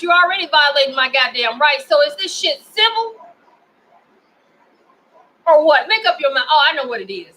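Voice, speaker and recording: A woman's voice: sits high, expressive, normal speed, long pauses, bright, forceful tone, low-quality recording. A woman with a Memphis accent delivering an angry, profane personal rant at home, indignant and heated. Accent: Memphis, Tennessee. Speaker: vlogger.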